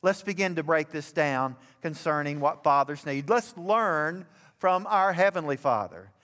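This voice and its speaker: An older pastor preaches in a high voice that climbs with fervent emphasis. His words ring out with a long reverb, as if filling a church sanctuary. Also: expressive, unhurried, a bit bright. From Alabama. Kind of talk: sermon.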